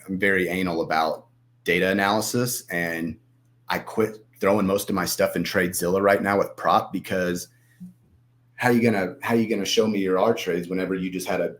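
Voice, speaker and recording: Low-voiced man, rambling. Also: steady tone, moderate pace. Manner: rambling, acts out his own inner voice. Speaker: podcast guest, trader. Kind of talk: casual podcast chat.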